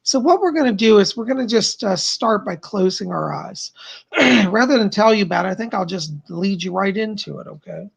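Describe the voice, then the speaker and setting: A middle-aged psychic medium streams live, chatting gently with viewers and thanking them by name, then slowing into soothing guidance for a meditation. His voice is high and lively in intonation but strained, gravelly, and worn.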